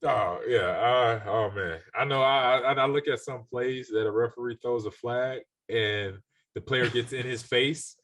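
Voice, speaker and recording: A man's voice: mid-range voice, unhurried, a bit bright. A man in his forties, a former football player co-hosting a podcast, chatting casually in an easygoing, agreeable way. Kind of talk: casual sports chat.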